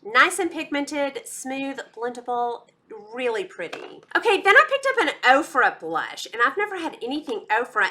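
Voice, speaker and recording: Bright-voiced Texan woman reviewing makeup. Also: on the high side. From Texas. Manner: chatty and enthusiastic, addresses viewers as y'all. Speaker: beauty vlogger. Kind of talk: casual product review.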